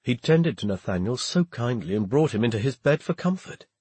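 A man's voice: medium pitch, brisk, breathy edge, no room sound. A man reading an audiobook, narrating expressively. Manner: expressive storytelling. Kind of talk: scripted narration.

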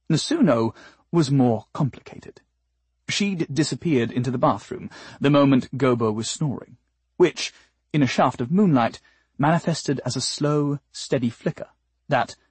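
A man reads an audiobook with wry, deadpan timing. His voice is mid-pitched with a husky grain, and the sound is close and dry. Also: dry recording. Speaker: narrator. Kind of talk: audiobook narration.

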